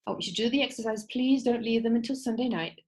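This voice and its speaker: A woman's voice: a little high, quick pace, darkish tone, rough recording. A woman teaching an online creativity workshop, giving instructions in an encouraging way and checking in with her listeners. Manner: encouraging, repeats "okay?" to check in; acts out quoted voices while telling a fable.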